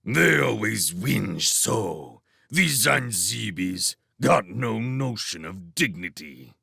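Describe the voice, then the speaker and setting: A harsh soldier captain who barks curt orders at the top of his voice, as a man puts him on. The voice jumps up high and loud, and the room is dry and close. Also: big pitch swings, measured pace, vocal fry, husky, no echo, full character voice. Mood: scornful. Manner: curt shouted commands. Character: barking gruff male soldier squad leader.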